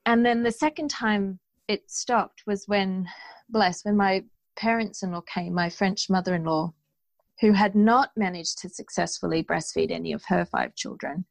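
A woman speaking as an interview guest, telling her story in an earnest, animated way. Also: medium pitch, normal speed, gravelly, no echo, low-quality recording. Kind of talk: conversational interview.

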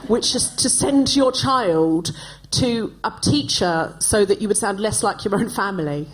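A woman in her forties, from Australia, hosting with an animated, self-mocking stand-up monologue on a live stage. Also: mid-range voice, rough recording. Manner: animated, self-mocking storytelling with quick asides. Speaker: host. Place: live stage before an audience.

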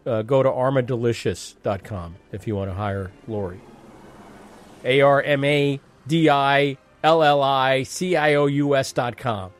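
A man hosting a podcast, chatty and animated, asking questions and swearing casually. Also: medium pitch, measured pace. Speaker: podcast host.

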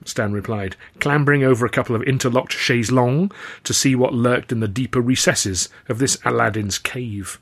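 Husky man reading a novel aloud. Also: medium pitch. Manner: measured, wry storytelling. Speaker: author and reader.

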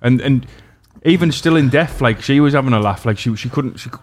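A man's voice: mid-range voice, a little fast. A man hosting a podcast, telling stories in casual chat, rambling, laughing through them and swearing freely. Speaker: podcast host.

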